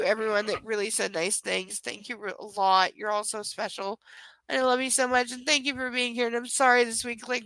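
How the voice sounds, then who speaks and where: A tired young woman with a stuffy nose chats casually on her live book stream. Her voice is bright and crisp, with a slightly higher pitch, and the sound is dry and close. She rambles in an affectionate, self-deprecating way. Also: dry recording, rough recording. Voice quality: stuffy nasal voice. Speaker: livestream host reading a book aloud.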